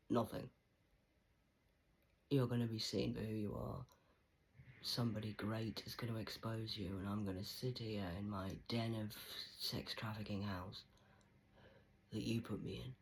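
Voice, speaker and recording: A woman in a rambling monologue to camera, swearing often and swinging between loud outbursts and hushed whispers. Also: extremely low pitch, vocal fry, slight background noise, poor audio.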